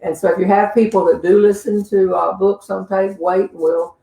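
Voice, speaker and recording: An older woman with a Southern drawl spins stories in an easy, folksy manner and chuckles along the way. She is a humorist host answering viewers' questions. Her voice sits at an ordinary pitch and is heard from a distance in a roomy space. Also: level tone, normal speed, gravelly, warm tone. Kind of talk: casual storytelling and Q&A.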